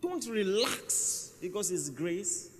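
Guy pastor preaching, pretty high voice, chatty but emphatic, church hall with long echo. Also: very animated, slow pace, a little hiss or hum. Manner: conversational, emphatic preaching with repeated phrases. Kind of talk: sermon. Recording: reverberant church hall, faint ambience.

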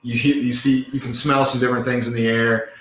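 Rambling bright-voiced male game master. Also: mid-range voice, level tone, a little fast, a little hiss or hum. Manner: rambling, filler-heavy narration. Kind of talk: narrating a tabletop game. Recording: echoey room.

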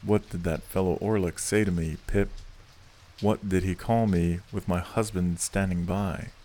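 A domineering wife scolds and shrieks in a shrill, furious voice, as a male narrator puts her on. The storybook reading stays slow and heavy. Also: fairly even intonation, dark tone.

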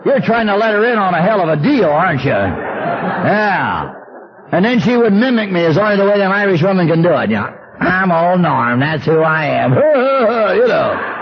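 Man, middle-aged, wry storyteller, does voices, dull lo-fi tape, faint hiss. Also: high voice. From Southern California. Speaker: speaker at a recovery meeting. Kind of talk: humorous recovery talk.

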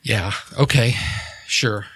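A man's voice: lowish voice, takes it slowly, fairly bright tone, husky, no echo, heavily acted. A man voicing a secretive woman who defends herself evasively and swears when pressed. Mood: defensive. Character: guarded secretive woman, older-sister figure.

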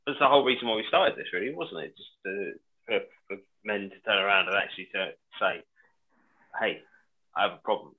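A man co-hosting a podcast, speaking quietly and reflectively. His voice is very deep, and it comes through thin and tinny, like a phone line. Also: animated, fast. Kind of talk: casual podcast chat.

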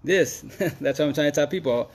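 A man's voice: on the high side, fairly quick, a little mellow. A man talking straight to camera in a casual, slangy monologue, full of emphatic repeats and street talk. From Seattle, USA. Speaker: Facebook Live vlogger.

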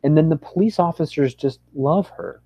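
A man's voice: on the high side, normal speed, no echo, lo-fi sound. A man talking as a guest on a casual podcast, hesitant with many ums, sometimes humming a melody.

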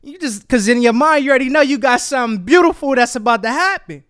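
A man with a very high, smooth voice hosts a casual solo podcast. He tells stories in an animated way, slipping into quoted voices, recorded close on a dry mic. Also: quick pace, no room sound. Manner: animated storytelling with acted-out quotes. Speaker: podcast host.

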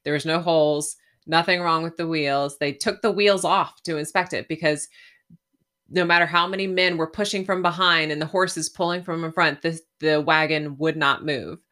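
Chatty woman co-host, low but bright voice, animated storytelling. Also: normal speed. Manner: chatty, animated, laughs often. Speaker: podcast co-host. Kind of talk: casual storytelling.

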